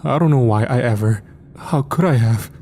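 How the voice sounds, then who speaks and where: A man's voice: medium pitch, normal speed, dark tone, slight background noise, close to an everyday voice. A man voicing a terrified young male soldier who stammers and whispers in a trembling voice as he breaks down. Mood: panicked.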